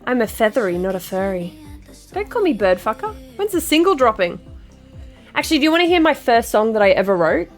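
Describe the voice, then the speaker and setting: A woman's voice: a little high, big pitch swings, brisk, soft background music. A woman streamer joking and chatting casually with her viewers. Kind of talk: casual live-stream chat.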